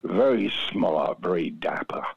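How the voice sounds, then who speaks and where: An older man, a retired stuntman, telling anecdotes in a lively, rambling way with fillers. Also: low-pitched, measured pace, gravelly, husky. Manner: lively, repeats himself, frequent fillers. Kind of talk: anecdotal storytelling. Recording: dull lo-fi recording.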